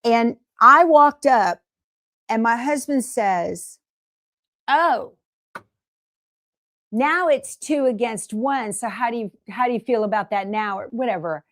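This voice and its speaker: A woman's voice: a little high, slow pace, pauses often, fairly bright tone, dry recording. A middle-aged woman hosting a casual sewing livestream, chatting, laughing often and reading viewer comments aloud. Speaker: sewing show host.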